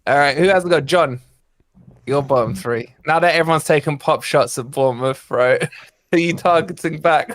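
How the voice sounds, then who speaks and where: A man hosts a live football podcast in a fairly high voice. His talk is teasing and playful, full of banter with the others. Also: normal speed. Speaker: podcast host.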